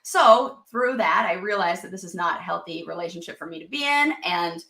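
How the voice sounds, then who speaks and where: Fairly low-pitched and animated, this therapist in her thirties talks a little fast with a bright, forceful tone in a reverberant space. She's a licensed marriage and family therapist guesting on a podcast, chatting casually, voicing quoted inner thoughts and occasionally swearing.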